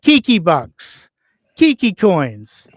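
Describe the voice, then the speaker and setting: A man's voice: high voice, huge pitch swings, very slow, no room sound. A man hosting a podcast, mocking and profane as he reacts to clips in casual chat. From Australia. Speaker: podcast host.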